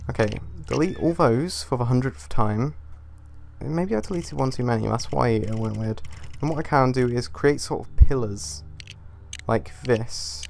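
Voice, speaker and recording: A young man talks his way through a building game in a casual, unscripted commentary. He mutters half-sentences to himself, swears freely and lets his irritation show at every glitch. His voice sits at an ordinary middle pitch for a man. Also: unhurried, creaky, darkish tone, slight background noise. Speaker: gaming YouTuber.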